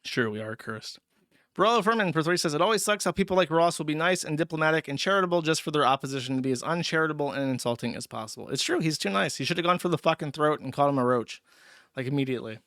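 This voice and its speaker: A man's voice: a little high, lively intonation, fast, a bit bright, no room sound, clean studio sound. A man casually chatting on a livestream, reading out donations with crude, sarcastic remarks.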